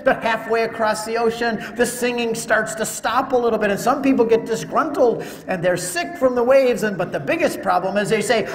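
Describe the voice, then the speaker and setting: An older man tells a lively story to an audience, his voice pitched high and bright for a man. The sound rings through a large, echoey hall with a long reverb tail. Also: fairly quick, few pauses. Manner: animated storyteller acting out dialogue. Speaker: speaker. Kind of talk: storytelling talk to a live audience.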